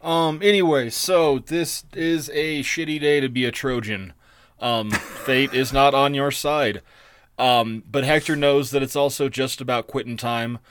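A man's voice: mid-range voice, steady tone, measured pace, fairly bright tone, a little hiss or hum. A man co-hosting a podcast who retells an ancient epic in a casual, jokey, irreverent way with crude humor. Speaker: podcast co-host. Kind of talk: casual chat.

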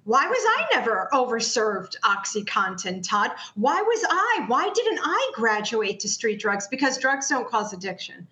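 A woman's voice: on the high side, very animated, unhurried, hardly any pauses, pushed and bright, reverberant. A woman speaking as a guest in an interview, arguing emphatically and firing off rhetorical questions. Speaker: patient advocate guest. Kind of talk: heated interview talk.

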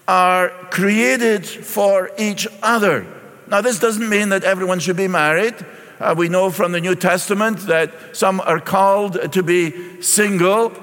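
A middle-aged pastor, preaching a sermon and reading scripture aloud before explaining it. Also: male voice, high voice, a bit bright. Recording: long reverb in a large hall.

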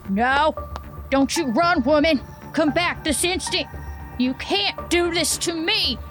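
Lady putting on a crazed middle-aged guy, squeaky childish shrieks, totally unhinged, horror story. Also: unhurried, a little mellow, faint music behind, lightly acted. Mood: shrieking. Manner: shrill, childish screeching when enraged. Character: unhinged balding middle-aged man, explosive temper.

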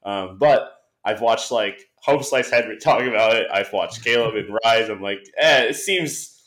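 A young man from the United States, a guest on a podcast, telling stories in a casual, animated way and acting out the conversations he quotes. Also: lowish voice, measured pace, a little hiss or hum. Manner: animated storyteller, acts out quoted exchanges. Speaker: guest, esports caster. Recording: echoey room sound.

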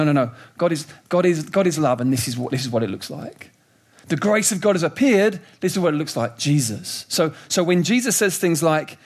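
A middle-aged man delivers a sermon in a fairly high voice. He is animated and emphatic, dropping into quiet reflection and then rising with urgency. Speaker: preacher.

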